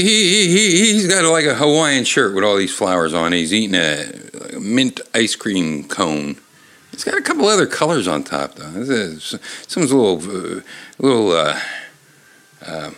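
A man's voice: lowish voice, a bit bright. A middle-aged man hosting his own show, talking into a desk microphone in a loose, rambling monologue that keeps breaking off and restarting, with casual swearing. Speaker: show host.

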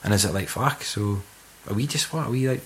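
A man's voice: lowish voice, fairly quick. A young Scottish man in casual, sweary conversation about a film. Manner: sweary, laughing, slips into mock voices.

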